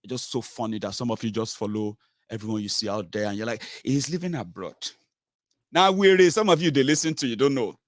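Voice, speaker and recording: A man's voice: mid-range voice, fast talker, dry recording, studio quality. A man with a Nigerian accent, a political commentator ranting with scorn and repeated mocking labels. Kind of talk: opinion vlog rant.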